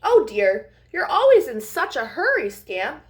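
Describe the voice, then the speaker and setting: A woman voicing a patient, loving mother critter in a storybook, with a soft sighing manner. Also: sits high, wildly swooping pitch, a little slow, exaggerated voice. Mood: fond.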